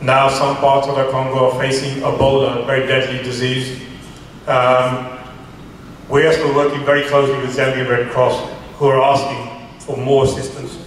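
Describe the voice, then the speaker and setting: A man's voice: medium pitch, flat delivery. Guy telling a charity story, earnest, restarts a lot, far off the mic in a big echoey room, faint hiss. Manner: earnest, halting, with many restarts. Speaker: charity founder guest. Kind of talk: storytelling in a radio interview.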